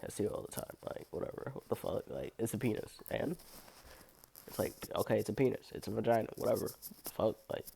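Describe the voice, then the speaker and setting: A young woman with an unusually low voice, telling a blunt, profane story about her cleaning job in a casual vlog. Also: quick pace, vocal fry, dark tone, breathy edge. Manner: blunt, profane, heavy use of "like", laughs often. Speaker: restroom and locker room cleaner.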